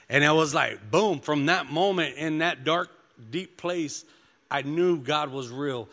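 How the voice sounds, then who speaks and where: A man's voice: a little high, measured pace, gravelly, fairly bright tone. A man preaching a sermon, mixing scripture reading with personal testimony, in an easygoing style full of "you know" and "man.". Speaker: pastor. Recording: long hall reverb.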